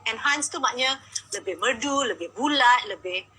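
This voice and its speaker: A woman's voice: on the high side, expressive, brisk, pushed and bright, husky, poor audio. A woman, a vocal coach talking casually and emphatically in mixed Malay and English, asking rhetorical questions.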